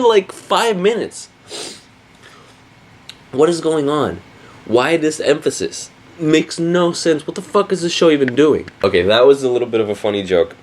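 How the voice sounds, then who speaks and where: A man giving casual, profane reaction commentary while watching an anime episode, often exasperated and sarcastic. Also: fairly high pitch.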